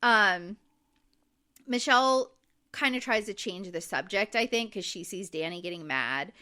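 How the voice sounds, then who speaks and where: On a podcast recapping a reality show, a woman co-host talks casually in a mid-range voice that's expressive, pushed, and bright, at a measured pace. Her chatty delivery is heavy on fillers, mostly "like," plus "um."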